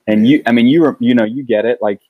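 A middle-aged man telling a personal story in casual conversation, earnest and halting, often restarting his sentences. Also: medium pitch, husky, no room sound, narrow, tinny audio. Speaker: guest.

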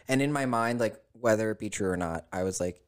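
A man's voice: on the low side, a little fast, clean tone. A man guest in casual conversation, telling a story with plenty of swearing and acting out both sides of the dialogue. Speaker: podcast guest.

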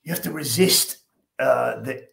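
This guest, an Irish-accented dog behaviour coach, speaks at a measured pace in a creaky, fairly bright mid-range voice, recorded with reverb. Chatting casually on a podcast, he rambles, repeats words as he stumbles, and acts out little scenes.

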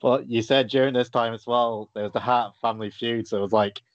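A man's voice: medium pitch, fairly even intonation, fairly quick, no room sound. A man hosting a casual interview in an easygoing way, with many fillers. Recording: dull dry lo-fi audio.

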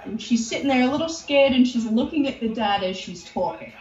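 A woman's voice: fairly high pitch, a little fast, few pauses. A woman in her forties chatting on a podcast, retelling a TV show in a heated, swearing way and acting out the people in it. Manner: heated, swearing, acts out quoted voices. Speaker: podcast co-host. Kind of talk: casual chat, retelling a TV show. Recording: echoey, distant, dull sound.

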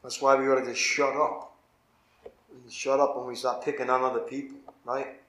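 A man's voice: medium pitch, flat delivery, normal speed, a bit bright. A man, a pastor, teaching a Bible study in an informal, conversational way and often asking his listeners "right?". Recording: echoey room.

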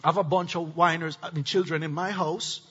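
A middle-aged male pastor preaches to his church, with a high, bright, slightly husky voice. He calls on the congregation to answer back. The sound is dull and carries a long hall reverb. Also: steady tone, fairly quick. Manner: call-and-response preaching with congregation prompts. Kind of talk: sermon. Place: church sanctuary. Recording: dull echoey hall recording.

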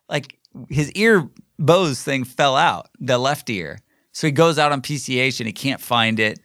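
A man's voice: medium pitch, expressive, moderate pace, a bit bright, no room sound, clean studio sound. Rambling man telling a casual story. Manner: rambling, many fillers and restarts. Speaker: podcast host. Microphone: recording himself solo.

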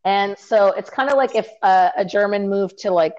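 A woman's voice: mid-range voice, moderate pace, darkish tone, highs cut off. A woman chatting casually on a podcast over a remote call, telling stories with lots of fillers and laughter. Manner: chatty storyteller, laughs often, many fillers. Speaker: podcast co-host, remote guest. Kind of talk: casual chat.

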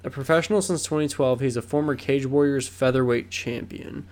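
A man's voice: mid-range voice, fairly quick, darkish tone. A young man co-hosting a podcast in casual chat, rambling and swearing with lots of fillers and restarts. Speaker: podcast co-host.

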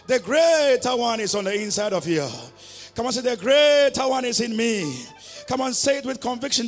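Male pastor, high voice, fervent sermon with call-and-repeat declarations, faint music behind. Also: lively intonation, normal speed. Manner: fervent, calls for congregation to repeat after him.

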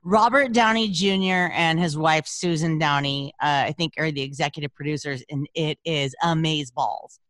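A woman co-hosting a podcast in casual chat, brash, profane and animated. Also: sits low, moderate pace, few pauses, no echo, clean studio sound. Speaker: podcast co-host.

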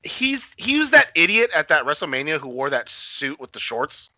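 A man's voice: fairly high pitch, sing-song, moderate pace, sharp tone, dry recording. A man co-hosting a casual wrestling podcast, talking in a profane, rambling way. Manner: profane, rambling, retells scenes. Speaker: podcast co-host. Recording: dull dry lo-fi sound.

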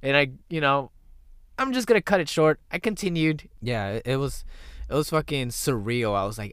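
A young man with a smooth, clear voice at a middle pitch, casually hosting a podcast. He tells personal stories bluntly, swearing freely as he goes, and the recording is close and dry. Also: lively intonation, moderate pace, fairly bright tone, no echo. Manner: candid, profane storytelling. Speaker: podcast host. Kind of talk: casual chat.

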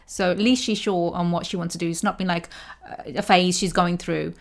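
A woman's voice: lowish voice, steady tone, a little fast. A middle-aged woman co-hosting a podcast in casual chat, agreeing often and adding tag questions. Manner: chatty, frequent agreeing "yeah"s and tag questions. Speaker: podcast co-host.

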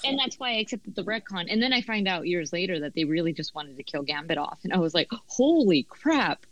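A woman who is a guest on a podcast, telling stories in an animated way and acting out her own reactions. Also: fairly low pitch, quick pace, no room sound, lo-fi sound. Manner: animated storyteller, acts out reactions. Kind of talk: casual review chat.

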